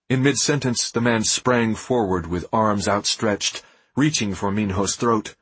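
A man reading an audiobook in a dramatic, expressive scripted narration. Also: fairly low pitch, measured pace, slightly rough, no room sound.

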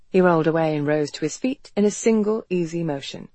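Measured audiobook narrator, dry sound. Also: mid-range voice, darkish tone, no echo. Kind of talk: scripted narration.

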